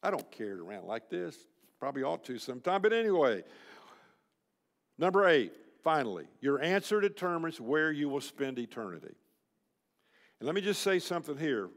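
A man's voice: on the high side, very animated, moderate pace. Older man preaching bluntly in a hall. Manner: folksy, blunt, emphatic preaching. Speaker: speaker at a men's luncheon. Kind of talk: sermon. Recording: reverberant hall.

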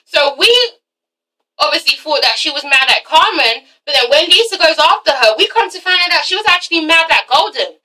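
High bright sassy woman vlogger. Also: recorded from a distance, low-quality recording. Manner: sassy, animated, swears freely, acts out the cast members in quick voices. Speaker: vlogger reviewing a TV show. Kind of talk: casual reality-TV recap.

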